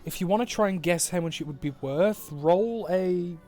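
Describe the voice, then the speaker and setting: A man's voice: sits high, normal speed, darkish tone, soft background music. A man running a tabletop game as game master over an online call, describing scenes in detail, laughing readily and swearing casually.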